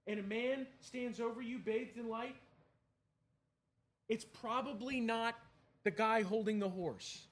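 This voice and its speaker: A man preaching a sermon in a conversational, emphatic way, asking the listeners questions. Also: high-pitched.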